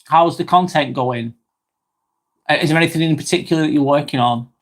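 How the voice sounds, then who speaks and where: A man hosting a slow, rambling live-stream vlog, reading out viewer comments with many fillers and apologies, a little under the weather. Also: a little high. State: slightly under the weather, occasional cough.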